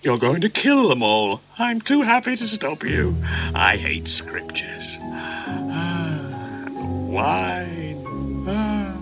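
A man's voice: fairly high pitch, very animated, extremely slow, full character voice. A man dubbing a contented drunk monk warrior in an archive TV clip, dreamy and slurring with whispered asides. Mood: drunk, blissful. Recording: archive TV clip with music, from a distance.

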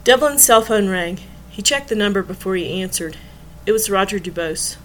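A woman narrating a novel chapter with a steady, even delivery. Her voice sits at a middle pitch, and there is a faint hum behind her. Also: normal speed, poor audio. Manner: steady storytelling. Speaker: audiobook reader.

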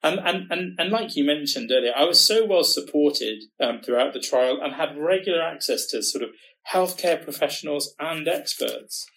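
A man with a fairly high voice, chatting on a podcast. He talks haltingly and often repeats a word as he finds his thoughts. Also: expressive, a bit bright, low-quality recording. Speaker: podcast co-host working in research. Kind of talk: podcast conversation.

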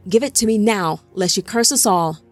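A woman's voice: medium pitch, moderate pace, close to an everyday voice. A woman reading the part of an old father who demands answers from his sons, with faint music behind her. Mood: stern. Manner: stern, demanding. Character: angry elderly patriarch, stern father.

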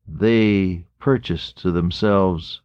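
A man preaching a sermon in an earnest way, slowing down to stress key phrases and swinging his voice up and down. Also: sits low, smooth, no echo, muffled recording. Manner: earnest, rising and falling emphasis, slow stress on key phrases.

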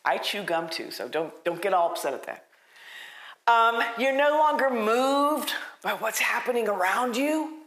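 Animated higher-pitched woman preaching. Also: unhurried, roomy sound. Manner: animated, emphatic, repeats phrases. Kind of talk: conversational sermon. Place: church.

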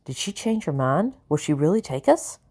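A woman reading a first-person audiobook in a measured, earnest storytelling manner. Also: deep voice, very animated, a little mellow, breathy edge. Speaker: audiobook narrator.

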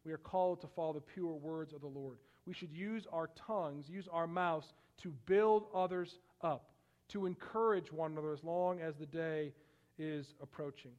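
A man's voice: fairly high pitch, moderate pace, darkish tone. A male pastor preaching a sermon, building to emphatic bursts on scripture and often repeating words as he goes. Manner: frequent word repeats and restarts.

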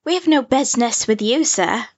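A woman's voice: a little high, expressive, moderate pace, husky. An actress playing a proud, defiant young woman in an audio drama. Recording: dull lo-fi recording.

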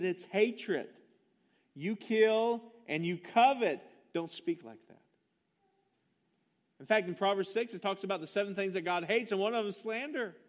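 High-voiced man preaching with emphatic fervor. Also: a little mellow. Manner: passionate, emphatic preaching with rhetorical questions. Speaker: pastor. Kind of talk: sermon.

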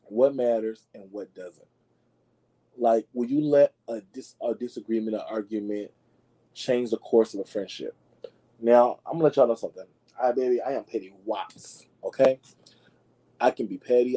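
A man hosting a casual gossip show with a mellow, warm tone. He talks in a sassy, dramatic way, calls his listeners y'all and leaps into high squeals when he wants to stress something. His everyday speaking pitch sits in the middle. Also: normal speed, poor audio. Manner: swoops into high squeals for emphasis. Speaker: podcast host.

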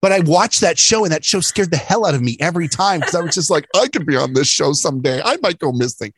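A man's voice: on the high side, expressive, quick pace, a bit bright, breathy edge, no echo. A man co-hosting a casual podcast chat, talking in a chatty, jokey way with plenty of laughter. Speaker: podcast co-host.

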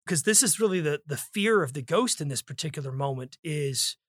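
A man's voice: fairly high pitch, a little fast, few pauses, no echo, studio quality. A man co-hosting a podcast, chatting about a book and reading passages aloud with stress on words. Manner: reads quoted passages with stressed words, lively. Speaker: podcast co-host. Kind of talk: casual book discussion with read-aloud passages.

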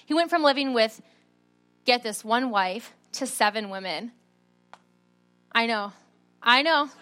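A woman giving a sermon, telling a personal story in a chatty, animated way. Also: on the high side, measured pace. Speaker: preacher.

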